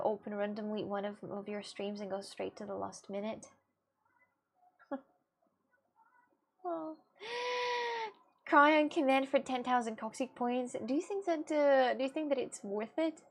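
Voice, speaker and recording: A woman's voice: on the high side, a little slow, long pauses. A woman chatting casually with her livestream viewers, rambling and giggling as she answers them. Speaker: streamer.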